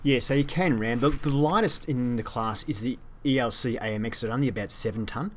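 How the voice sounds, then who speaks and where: A man's voice: mid-range voice, a little fast, slight background noise. A man reviewing a video game, chatty and self-deprecating, with casual fillers. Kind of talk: gameplay commentary.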